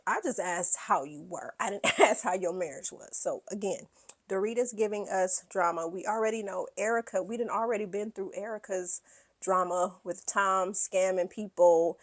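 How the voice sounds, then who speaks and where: A woman hosting a reality TV recap, talking bluntly and with plenty of profanity. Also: medium pitch. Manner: acts out quoted lines in put-on voices. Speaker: podcast host.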